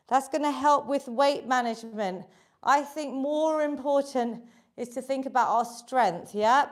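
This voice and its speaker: A middle-aged British woman leading a live online workout class, encouraging her students and cueing their breathing and counts. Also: high-pitched. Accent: British English. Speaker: fitness instructor.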